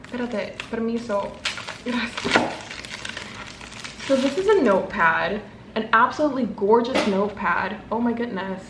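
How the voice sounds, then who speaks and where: A woman in her twenties, a book vlogger, gushing and gasping with excitement as she unboxes gifts. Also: on the high side, measured pace, reverberant, background noise.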